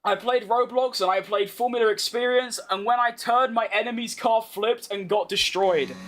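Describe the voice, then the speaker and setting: A young British man from the United Kingdom streams a racing game live, chatting casually while reading chat, reacting quickly to the race and making fun of himself. His voice is extremely high-pitched with a fairly bright tone.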